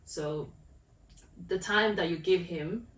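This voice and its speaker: A woman with a lowish voice speaks slowly as a podcast co-host in a casual conversation about faith, reflective and thinking aloud. The room is echoey, with a distant mic and faint noise.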